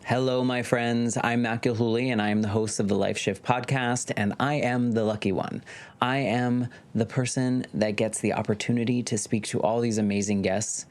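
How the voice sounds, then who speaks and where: A man's voice: mid-range voice, steady tone, moderate pace. A man hosting a podcast, introducing a recap episode in an earnest, reflective way. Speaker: podcast host.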